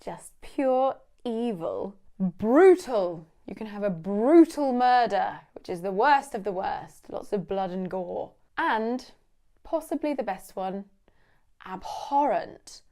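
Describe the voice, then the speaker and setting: A woman's voice: medium pitch, animated, a little slow, a little mellow. A young British woman teaching English vocabulary in a casual, playful way, laughing often.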